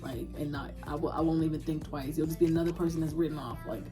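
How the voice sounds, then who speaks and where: A young woman vlogger answering viewer questions in a candid, casual chat, laughing often and dropping in quick asides. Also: deep voice, steady tone, over music.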